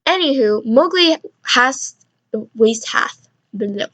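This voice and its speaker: A teenage girl hosting a student radio show, reading slowly and tripping over the words, with self-mocking asides. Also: a little high, expressive, a bit bright, a little hiss or hum. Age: teens. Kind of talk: reading a script in mock Shakespearean English, with bloopers.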